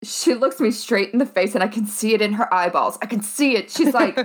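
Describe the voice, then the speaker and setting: A young adult woman casually telling a travel story on a podcast, animated, swearing and laughing as she acts out other people's voices. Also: mid-range voice, fairly quick. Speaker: podcast co-host.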